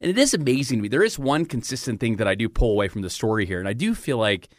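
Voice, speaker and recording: A man's voice: mid-range voice, big pitch swings, rapid-fire, no room sound, clean studio sound. A man hosting a podcast, bantering with cohosts, teasing and laughing, often interrupting himself. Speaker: podcast host. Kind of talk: casual radio-style show banter. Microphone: studio microphone.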